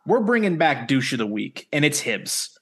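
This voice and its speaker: A man's voice: fairly high pitch, very animated, normal speed, husky. A man co-hosting a casual podcast, recapping the story of a TV episode step by step in a plain, conversational way. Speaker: podcast co-host.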